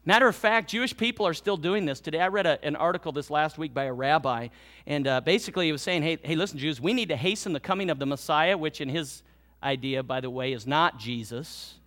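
A man preaching a sermon as pastor, swinging between loud exhortation and hushed, drawn-out lines. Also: fairly high pitch. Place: church.

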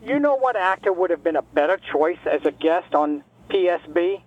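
Male actor as a cranky retired caller, high-voiced, sarcastic and insulting, comedy call-in. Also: expressive, normal speed, phone-quality sound. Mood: grumbling. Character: grumpy retired older man from New Jersey, cranky caller.

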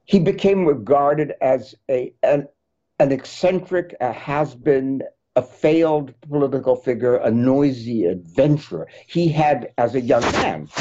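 A man's voice: mid-range voice, mellow, breathy edge. An older man from England, a guest author answering interview questions thoughtfully, with many hesitant ums and a dry wit. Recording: dull lo-fi video call audio.

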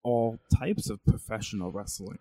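A man's voice: lowish voice, moderate pace, dark tone. A man playing a goofy, unsure podcast co-host in a comedy sketch.

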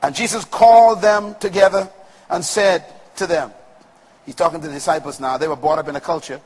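A man preaching a sermon to a congregation with call-and-response and rhythmic, shouted peaks. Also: a little high, fairly even intonation, brisk, breathy edge. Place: large room with congregation. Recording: long reverb of a large hall.

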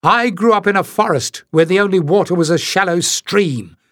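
Storybook role: man playing a sharp, defiant young woman, raised voice pitch, dry booth sound. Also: very animated, unhurried, dry recording, full character voice. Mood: angry. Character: fiery young woman from the forest.

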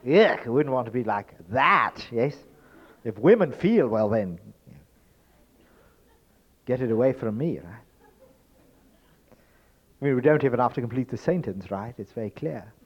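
A man giving a spoken lecture in an emphatic, rhetorical way, swinging between loud stresses and hushed asides. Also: medium pitch, lively intonation, unhurried, pauses often. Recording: dull lo-fi recording.

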